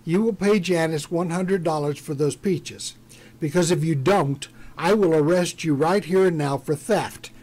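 A man voicing a small-town deputy who speaks in a calm, measured, firm way. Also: fairly high pitch.

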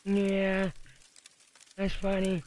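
A man streaming a game and chatting with teammates, excitable, laughing often and filling gaps with uhs. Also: sits high, very slow. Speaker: gaming streamer. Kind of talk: live game commentary with teammates.

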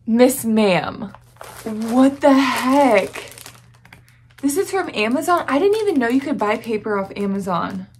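A woman's voice: medium pitch, slight background noise. A young woman with a Southern US accent, gushing and gasping through an unboxing vlog. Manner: gushing, gasping, breathless excitement. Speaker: vlogger.

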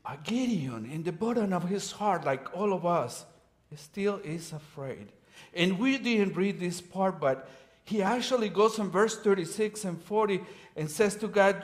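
A man giving a sermon as guest preacher, his voice a little higher than most men's. He speaks slowly and deliberately and retells scripture in relaxed, modern phrasing. He chuckles now and then.

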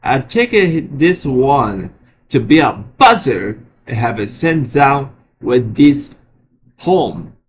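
A man presenting his alarm sirens in a casual show-and-tell vlog, often halting and restarting his sentences. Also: medium pitch, very animated, slight background noise. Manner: halting, frequent restarts and repeated words. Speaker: vlogger showing alarm sirens.

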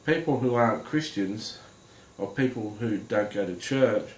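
Man, lowish voice, earnest halting testimony to camera, roomy echo. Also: lively intonation. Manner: halting and earnest, many pauses and fillers. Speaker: Christian testimony speaker. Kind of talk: personal testimony addressed to viewers. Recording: roomy echo with faint background noise.

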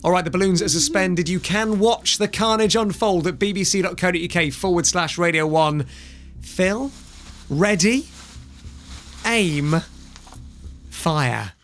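A man's voice: sits high, steady tone, a little fast, hardly any pauses, a bit bright. A man hosting a radio game show in a studio, teasing the players and counting down mock-solemnly. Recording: radio studio with background music.

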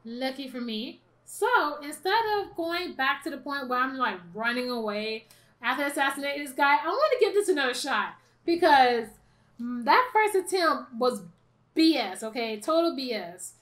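A woman's voice: high-pitched, lively intonation, normal speed, fairly bright tone. A woman doing let's-play commentary, who swears and laughs as she talks to the game. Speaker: gaming YouTuber.

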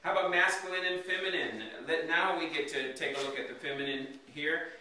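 Speaking a little fast, a man teaching Hebrew fires questions at his students and follows each point with "okay?" to confirm they're with him. His voice is fairly high, bright and forceful. A bit of hiss or hum is audible, and the echoey room is captured from far away.

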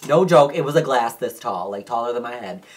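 A man vlogging to camera, telling a personal story in a casual, profane, animated way and acting out the dialogue. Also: medium pitch, brisk, faint music behind.

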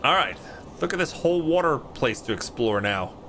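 A man casually commenting while he plays a video game on stream, excitable and quick to exclaim at what happens. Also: mid-range voice. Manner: excitable, exclaims at loot and deaths. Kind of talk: casual let's-play commentary. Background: game music.

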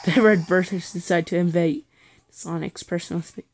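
A woman's voice: lowish voice, fairly even intonation, normal speed, a little hiss or hum, rough recording. A woman giving casual gameplay commentary, chatty, exclaiming at her mistakes and making playful sound effects. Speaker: let's play host. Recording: game music playing behind.

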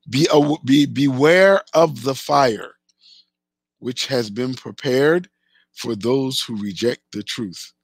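An Islamic teacher delivers an emphatic religious lecture, repeating phrases for stress and reciting Arabic verses between English passages. His voice is medium-pitched with vocal fry, and there is no echo.

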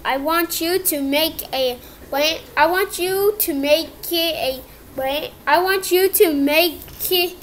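A woman voicing every character in a homemade cartoon, talking in a halting, improvised way with many restarts. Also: very high voice, slight background noise. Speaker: creator voicing all characters.

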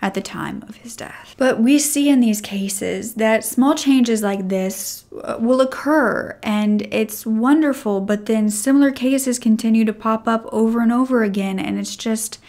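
A woman hosting and narrating a true crime story in a measured, somber way. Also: fairly high pitch, darkish tone.

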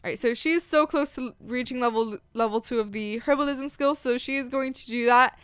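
A woman hosting a casual let's-play, chatting and gushing excitedly as she narrates her game. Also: fairly high pitch, brisk, clear, resonant tone, no room sound, clean studio sound. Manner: bubbly, gushing, chatty with lots of "like" and "freaking". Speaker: gaming channel host.

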